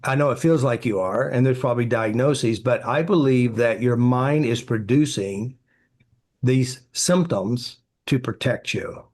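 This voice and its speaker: A man's voice: medium pitch, measured pace, a little mellow. A man, a therapy practitioner, answering interview questions with anecdotes, acting out quoted dialogue and filling with "you know".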